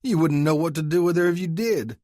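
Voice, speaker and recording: A man voicing a brash, hot-headed young male Texan cowhand with a loud, sneering delivery, in an audiobook with a dry sound. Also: medium pitch, very animated, dry recording, pitched above the performer's own voice. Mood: taunting. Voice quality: loud, sneering, quick to shout.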